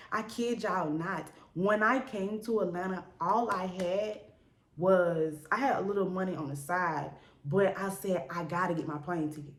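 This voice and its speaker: A young woman telling her story to her viewers in an earnest, chatty way, full of "like" and "y'all". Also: on the low side. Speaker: vlogger. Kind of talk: casual candid storytelling to camera. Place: indoor room in a city. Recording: echoey room.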